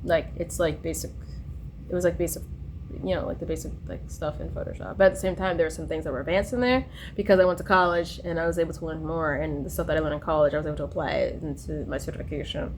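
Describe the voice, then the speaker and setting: A young vlogger speaks fast in a low-sitting, fairly even voice as she drifts tangentially between personal stories. Fillers and restarts fill her talk, and background noise runs underneath.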